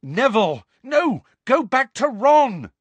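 A man's voice: very high-pitched, sing-song, slow, no echo, highs cut off, pitched above the performer's own voice, heavily acted. A man voicing a desperate, pleading teenage boy. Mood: urgent. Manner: pleading, urgent.

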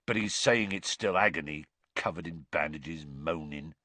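A man reading aloud voicing a huge, gentle half-giant gamekeeper who talks thickly and gruffly. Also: rumbling low, moderate pace, no echo, voice pushed down, full character voice. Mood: miserable.

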